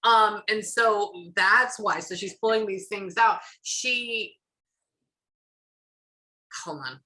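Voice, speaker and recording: On camera or a video call, a psychic medium chats her way through a reading and acts out what she hears. She speaks slowly, with a medium-pitched voice that is bright and forceful.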